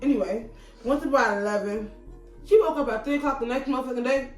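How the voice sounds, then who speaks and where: A young woman telling a story in casual chat, animated and laughing, with lots of swearing. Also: fairly high pitch, quick pace. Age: young adult. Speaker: guest friend. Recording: roomy echo, distant mic, faint music.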